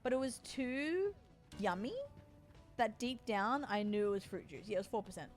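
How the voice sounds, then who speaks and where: A woman's voice: medium pitch, expressive, moderate pace, faint music behind. An Australian woman in her forties, streaming and chatting casually with her viewers, teasing and joking as she answers chat. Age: 40s.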